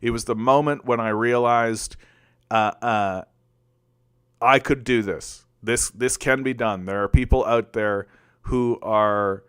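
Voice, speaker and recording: A man's voice: medium pitch, fairly even intonation, slow, clean tone, no room sound, studio quality. A man hosting a political commentary stream, talking casually and answering chat, rambling with lots of restarts and fillers. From Canada.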